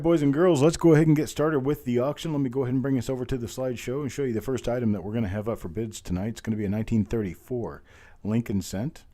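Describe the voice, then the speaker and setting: A hoarse man, his voice still recovering, hosting a live online coin auction in a folksy, chatty way and calling out bids over and over. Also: mid-range voice, dark tone. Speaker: auctioneer host.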